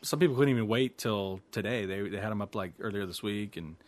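A man's voice: on the low side, fairly quick. Laid-back rambling man. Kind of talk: casual chat.

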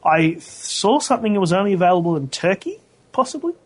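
Aussie guy with a high voice co-hosting a tech podcast, rambles and corrects himself a lot. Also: big pitch swings, brisk. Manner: rambling, self-correcting, laughs often. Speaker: podcast co-host. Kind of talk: casual tech chat.

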